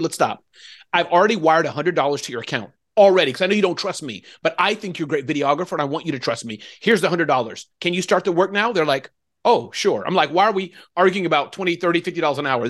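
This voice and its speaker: A man as an interview guest, telling stories in an animated, emotional way. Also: a little high. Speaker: interview guest, keynote speaker. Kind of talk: casual interview conversation.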